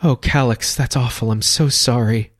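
A man's voice: mid-range voice, steady tone, normal speed, no echo, clean studio sound, close to an everyday voice. A man voicing a shy, kind young girl who speaks hesitantly. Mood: gentle. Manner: hesitant, gentle.

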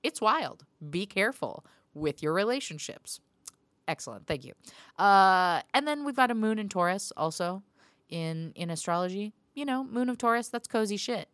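A woman's voice: medium pitch, lively intonation, normal speed, fairly bright tone, no echo. A woman hosting her own podcast, chatting loosely and swearing freely, with frequent laughs. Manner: profane, rambling, laughs often. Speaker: podcast host. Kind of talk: casual solo podcast pep talk.

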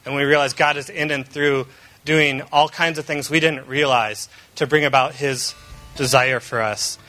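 A man's voice: mid-range voice, fairly even intonation, normal speed, bright, forceful tone, soft background music. A man in his thirties, a pastor giving an earnest, conversational sermon. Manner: earnest and conversational, with frequent fillers and restarts.

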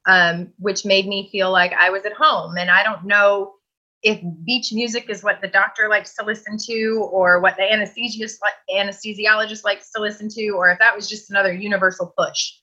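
A woman's voice: medium pitch, steady tone, a little fast, pushed and bright, lo-fi sound. A woman guest telling a personal story in a chatty, earnest way that often breaks into laughter.

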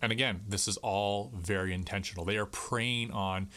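A podcast co-host with a low, sharp voice speaks at a moderate pace with fairly even intonation. He talks emphatically about a film in a casual discussion, using plenty of filler words and the odd curse.

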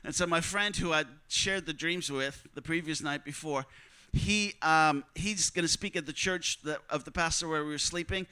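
A man's voice: a little high, normal speed, sharp tone, clean tone, rough recording. A man telling a personal testimony story, vividly acting out the dialogue of the people in it. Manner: vivid storyteller who acts out quoted dialogue. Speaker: speaker telling a mission testimony.

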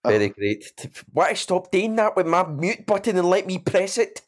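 A man joining a podcast over an online call, chatting in an excitable, playful way. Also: sits high, normal speed. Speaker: podcast co-host. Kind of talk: joking casual chat.

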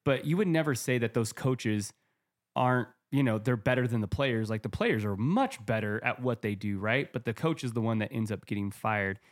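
A man co-hosting a podcast talks in an energetic, conversational manner at a middling pitch. He keeps a casual, chatty tone. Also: normal speed. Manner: energetic, conversational, uses sports comparisons.

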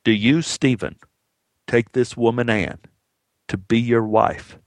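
A kindly older small-town judge, as a storyteller puts him on, speaks slowly and solemnly, with a gentle amusement underneath. His voice carries a gravelly edge and sounds close and dry. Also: mid-range voice, fairly even intonation, dry recording.

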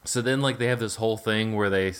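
A man's voice: fairly low pitch, brisk, a bit bright, smooth. Rambling, filler-heavy man talking movies. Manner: rambling, many fillers and restarts, swearing. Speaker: podcast co-host. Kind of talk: casual film discussion.

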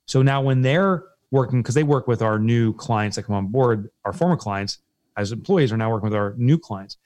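A man's voice: mid-range voice, normal speed, a little mellow, no room sound. A man co-hosting a casual business chat, telling an upbeat story with lots of energy. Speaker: business co-owner, podcast host.

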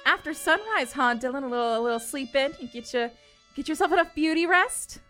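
A woman's voice: high-pitched, animated, fairly quick, sharp tone, faint music behind, voice pushed up. Woman doing a teasing halfling soldier woman. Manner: teasing, sing-song, condescending.

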